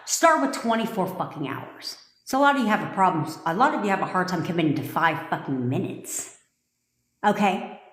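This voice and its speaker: A woman coaching on a livestream, talking bluntly and swearing freely as she gives commands. Her voice sits a little low. The room is echoey, with a long reverb tail behind her words. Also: animated, brisk, a bit bright. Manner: blunt, profane and commanding, with rising intensity. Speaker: manifestation coach. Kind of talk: livestream talk to viewers.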